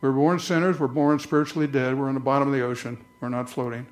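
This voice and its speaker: A man preaching a conversational church sermon, slowing down to read scripture aloud. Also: mid-range voice, little pitch movement. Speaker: pastor.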